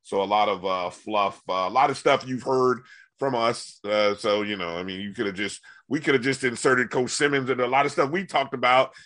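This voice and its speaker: A man's voice: mid-range voice, normal speed, fairly bright tone. A man hosting a casual sports talk show, asking his co-host questions and chatting about the team. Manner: conversational, asks questions, many fillers and restarts.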